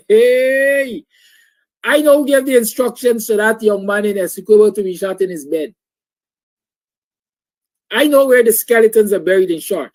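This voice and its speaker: A man's voice: high-pitched, moderate pace, long pauses, darkish tone, poor audio. A man hosting a call-in talk show, speaking emphatically and repeating his points. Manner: emphatic, repetitive, opinionated.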